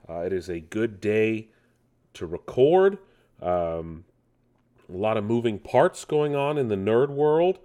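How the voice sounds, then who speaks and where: A man hosting a relaxed nerd news show, speaking in a slightly low voice. He rambles playfully and breaks off into jokey asides to himself. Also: a little slow. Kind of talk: casual news chat.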